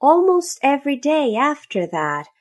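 A woman reading a children's story aloud in a slow, expressive, sing-song manner. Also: sits high.

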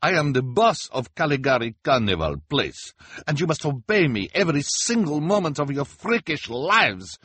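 Guy doing a high shrill fake psychic lady, odd accent, bossy and yelling. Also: sing-song, normal speed, husky, no room sound, exaggerated voice. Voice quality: odd foreign-sounding broken speech. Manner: bossy and shouting. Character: temperamental fake fortune-teller woman with odd accent.

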